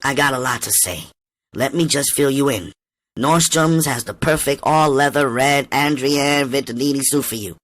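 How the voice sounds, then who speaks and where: A man's voice: mid-range voice, moderate pace, fairly bright tone, pitched above the performer's own voice, lightly acted. A man voicing a spoiled, brash teenage girl in an audiobook reading, slangy and upbeat. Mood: brash, coaxing.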